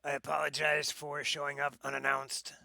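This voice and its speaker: A man playing a tabletop game, speaking his character in a measured, politely formal way. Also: fairly high pitch, completely flat delivery, gravelly, sharp tone, dry recording, studio quality. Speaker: player.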